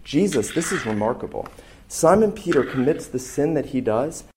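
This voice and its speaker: A man's voice: medium pitch, expressive, normal speed, background noise. A man preaching a sermon as a pastor, earnest and emphatic, leaning into key phrases.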